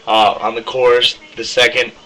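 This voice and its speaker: On a poor recording, a young man with a medium-pitched, level, sharp voice talks at normal speed about his screamed metal vocals. He's a vocalist showing his technique, rambling with many ums and demonstrating harsh screams.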